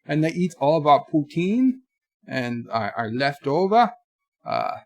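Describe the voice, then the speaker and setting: A man's voice: on the high side, big pitch swings, unhurried, gravelly, no echo, exaggerated voice. A man putting on a bumbling Quebec character, hesitant and groping for words in a jokey way. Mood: goofy.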